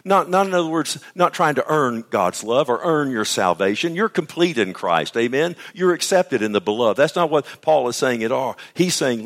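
A man preaching a sermon, swinging between loud, high bursts and low, hushed asides. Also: animated, moderate pace, few pauses.

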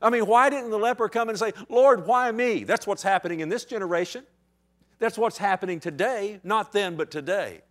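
A man preaching a sermon, dramatic, swinging from loud outcries to hushed, slow passages. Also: sits high.

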